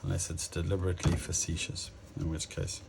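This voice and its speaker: Low-voiced man musing through a tarot reading. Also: monotone, fairly quick, vocal fry, background noise. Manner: musing, hesitant, many fillers and restarts; addresses viewers directly. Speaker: tarot reader.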